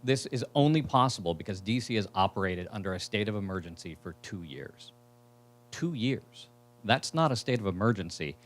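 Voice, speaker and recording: Low-voiced man reading a formal statement. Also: expressive. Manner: formal, measured delivery. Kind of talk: prepared statement read aloud.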